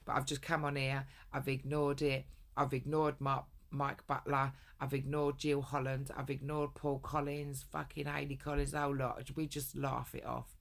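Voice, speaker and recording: A woman's voice: very deep voice, level tone, normal speed, creaky. A woman telling a long personal story in a rambling, blunt way, swearing often. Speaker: vlogger. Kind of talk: casual storytelling rant.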